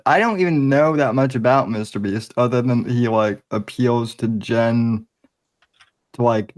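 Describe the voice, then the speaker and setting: A man hosting a podcast in casual banter. He often stumbles and restarts his sentences. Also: fairly high pitch. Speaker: podcast host.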